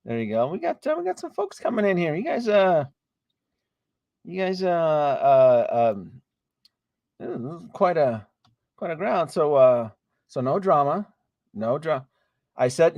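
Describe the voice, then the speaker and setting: A man's voice: a little high, very animated, a little slow, pauses often, dry recording, lo-fi sound. A man hosting a casual live stream, chatting with viewers, greeting them by name, laughing often and trailing off into restarts.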